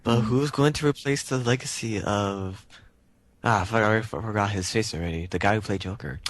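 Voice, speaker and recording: A man's voice: lowish voice, fairly quick, no room sound. A man on a casual call-in show, reacting with exclamations of disbelief. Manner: incredulous, exclamatory.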